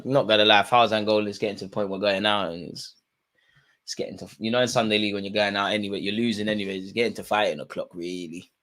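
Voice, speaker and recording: A man giving live, slangy watch-along commentary on a football match, jumping from low asides to loud outbursts. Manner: excitable, slangy, swings from mutters to shouts.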